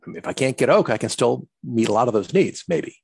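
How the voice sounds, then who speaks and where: A man's voice: lively intonation, fairly quick, a little mellow, dry recording. A man coaching listeners on client communication, earnestly acting out sample conversations with customers. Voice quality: low gravelly husky voice. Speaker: business coach. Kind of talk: instructional talk on client communication.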